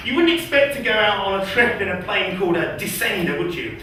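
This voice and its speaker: A man doing a first stand-up set in a small comedy club, nervous and hesitant with many pauses and ums. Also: sits high, animated, crowd noise. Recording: echoey room from far off.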